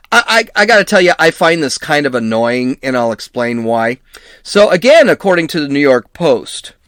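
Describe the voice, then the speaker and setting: A man's voice: a little high, fairly bright tone, no room sound. A middle-aged man hosting a podcast, reading news and adding sarcastic asides with frequent restarts. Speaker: podcast host. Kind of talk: casual news commentary.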